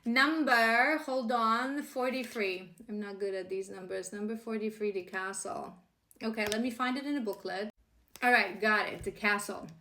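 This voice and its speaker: A woman's voice: medium pitch, moderate pace, roomy sound, slight background noise. A woman reading tarot-style cards as spiritual guidance, earnest and encouraging, often restarting her sentences. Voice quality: emotional, laughing warmly at times. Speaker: tarot card reader.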